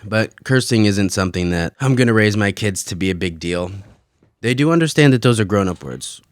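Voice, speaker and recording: A man's voice: on the low side, expressive, a little fast, clear, resonant tone, dry recording, clean studio sound. A man in his thirties hosting a casual solo podcast from his basement, rambling and swearing with frequent laughs. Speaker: podcast host. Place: home basement.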